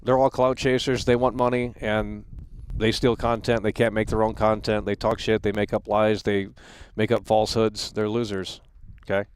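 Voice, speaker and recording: A man's voice: lowish voice, little pitch movement, moderate pace, few pauses, clean tone, dry recording. A man in his thirties hosting a live stream, ranting in a heated, profane way and stumbling over repeated words. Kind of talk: angry livestream rant.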